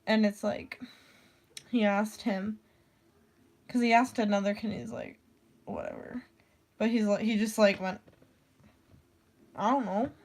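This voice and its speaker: A teenage girl in high school, telling a rambling story about her teacher, full of "like" fillers, swearing and quoted voices. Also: unhurried, long pauses. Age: teens. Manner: rambling, heavy "like" filler, swearing, animated quoting. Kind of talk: casual storytime rant.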